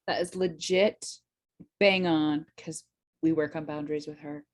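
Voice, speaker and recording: A woman's voice: low-pitched, fairly even intonation, a little slow. A woman hosting a podcast, reacting to a reading with effusive enthusiasm in casual chat. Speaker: podcast host.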